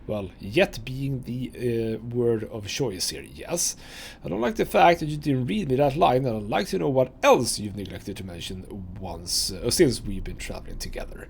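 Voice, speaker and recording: A man's voice: mid-range voice, animated, normal speed, gravelly, a little mellow, husky. A man hosting a let's play, chatting casually and reading game text aloud into a desk microphone.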